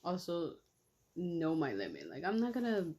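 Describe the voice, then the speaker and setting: A woman's voice: fairly low pitch, wildly swooping pitch, moderate pace, heavy background noise. A young woman vlogging casually while she eats, rambling in blunt, slangy talk with lots of fillers. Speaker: mukbang vlogger. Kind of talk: casual vlog chat while eating.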